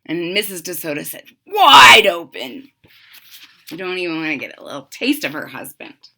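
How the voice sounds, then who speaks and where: A woman teacher reading a picture book aloud to children, expressive, with chatty asides to the class. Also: deep voice, fast talker.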